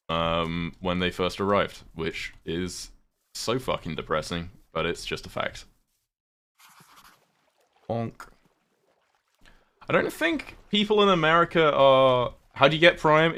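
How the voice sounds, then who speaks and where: A man's voice: fairly low pitch, bright, forceful tone, clean tone. A British man chatting casually on a livestream while gaming, rambling, swearing offhand and thanking viewers. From United Kingdom.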